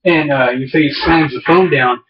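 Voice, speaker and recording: A man's voice: a little high, moderate pace, slight background noise. A man co-hosting a podcast, telling stories in casual chat with lots of fillers and restarts. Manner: rambling storyteller, many fillers and restarts. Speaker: podcast co-host. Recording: distant, dull lo-fi mic.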